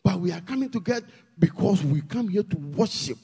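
A man with a Ghanaian accent preaching a sermon, pleading with the congregation and rising to shouted emphasis. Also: sits high, animated, moderate pace, creaky, husky, big-room sound.

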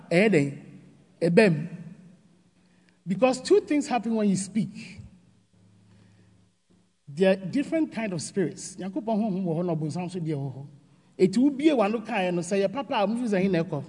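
A woman's voice: medium pitch, big pitch swings, normal speed, long pauses, dark tone, husky, long reverb tail. A Ghanaian woman, a church elder, preaching a sermon with emphatic, repeated phrases.

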